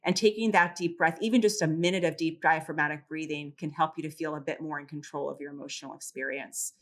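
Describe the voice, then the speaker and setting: A middle-aged woman psychologist explaining coping tools calmly and clearly in a podcast interview. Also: low-pitched. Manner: calm, measured, teacherly explanations. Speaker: psychologist and caregiver clinic founder.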